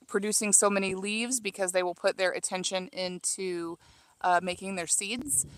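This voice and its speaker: In her outdoor home garden, a thirties-aged woman from Illinois trims herbs while casually chatting with livestream viewers, reading their comments aloud amid plenty of fillers and restarts. Her mid-range voice is a touch bright, and the recording is dry.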